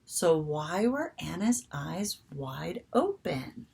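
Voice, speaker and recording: A woman reading a picture book aloud to young children in a soft, gentle, expressive way. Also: on the low side, takes it slowly, creaky, slightly rough. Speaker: children's story reader. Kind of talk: storybook read-aloud for children.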